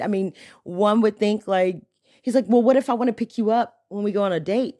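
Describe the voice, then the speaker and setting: A young woman hosts her podcast close to the mic, with a dry, dead sound. She chats casually and uses slang. Her pitch leaps high when she gets indignant. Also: brisk, no room sound. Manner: animated, exclaims with sharp pitch jumps when indignant; slangy, conversational. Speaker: podcast host. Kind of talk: casual storytelling monologue.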